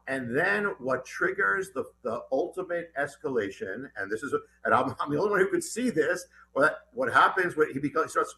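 A middle-aged man, a guest author in an interview, telling a personal story in an animated, urgent way with many restarts. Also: medium pitch, a little hiss or hum.

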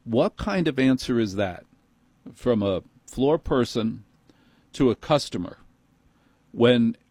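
A man's voice: mid-range voice, expressive, takes it slowly, darkish tone, slightly rough, dry recording. A middle-aged man with a New York accent telling a story as an exasperated, ranting comic monologue.

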